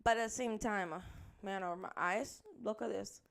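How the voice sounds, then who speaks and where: A woman's voice: medium pitch, steady tone, normal speed, gravelly, a bit bright. A young woman co-hosting a podcast, chatting casually in a playful, jokey way and laughing often. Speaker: podcast co-host. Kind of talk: casual chat.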